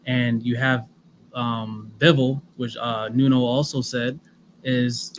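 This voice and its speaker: A man's voice: medium pitch, measured pace, low-quality recording. A man co-hosting a boxing podcast in a mid-range voice. He talks in a rambling, casual way, with a faint hiss of noise behind him. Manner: rambling, many fillers and restarts. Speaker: podcast co-host. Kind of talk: casual sports chat.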